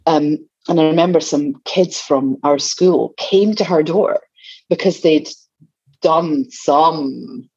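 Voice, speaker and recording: Husky woman guest, dull remote sound. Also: sits low, slow, no echo. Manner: storytelling, animated quoted asides. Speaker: guest author. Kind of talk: casual conversational interview.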